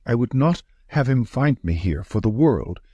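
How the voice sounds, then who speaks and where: A man's voice: medium pitch, expressive, normal speed, warm tone, slightly rough, no room sound. A man doing a breathless, frightened manager. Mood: urgent. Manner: breathless, urgent short sentences. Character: nervous, frightened thin male estate manager.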